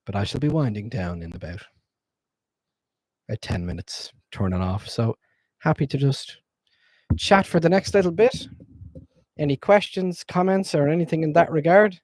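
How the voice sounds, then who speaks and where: A man's voice: fairly high pitch, normal speed, pauses often, darkish tone, no room sound. A man streaming as game master, wrapping up a tabletop session in loose, rambling casual chat with frequent swearing.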